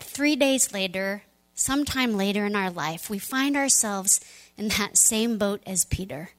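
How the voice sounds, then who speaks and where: A woman pastor giving a sermon, retelling a story in a conversational, animated way. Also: mid-range voice, low-quality recording.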